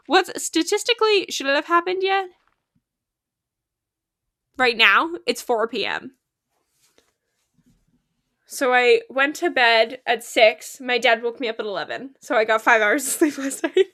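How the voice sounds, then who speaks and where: A woman's voice: high-pitched, unhurried, pauses often, sharp tone, no room sound, clean studio sound. A young woman chatting casually while livestreaming a game, rambling with lots of fillers and laughs, sleepy and yawning. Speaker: streamer.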